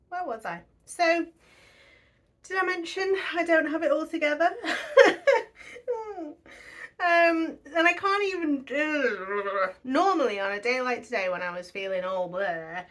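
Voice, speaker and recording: Chatty mum vlogger, higher voice. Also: female voice, a bit bright. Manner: chatty, self-deprecating, laughs often. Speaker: budgeting vlogger. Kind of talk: casual chat to camera.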